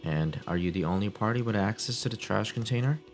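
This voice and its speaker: A man's voice: fairly low pitch, fairly quick, faint music behind, natural voice. A man voicing a pushy, hard-drinking police detective while reading game dialogue aloud. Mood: probing. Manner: pushy, deadpan, demanding. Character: boozy, brash male police detective.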